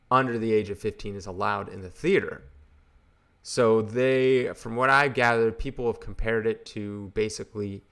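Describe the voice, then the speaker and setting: A man's voice: mid-range voice, creaky, fairly bright tone. A man hosting a comic book channel, ranting in casual, exasperated and sarcastic commentary.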